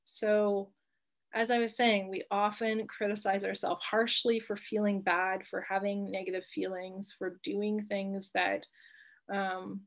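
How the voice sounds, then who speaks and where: A woman's voice: mid-range voice, little pitch movement, unhurried. A woman in her thirties teaching a live online class on handling emotions, chatty and reassuring, laughing often and checking in with "right?". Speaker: coach teaching emotional wellbeing.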